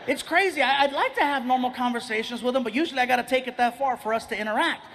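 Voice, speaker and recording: A man doing a stand-up set, telling animated, exasperated stories about fatherhood to a live audience. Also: very high-pitched, very fast. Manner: animated storytelling, exasperated dad. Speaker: stand-up comedian. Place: live stage before an audience.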